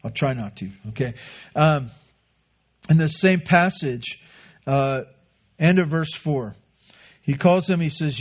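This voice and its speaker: A man's voice: fairly high pitch, a little slow, long pauses. A man preaching a sermon as pastor, earnest and conversational, often repeating a phrase for emphasis. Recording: dull lo-fi recording.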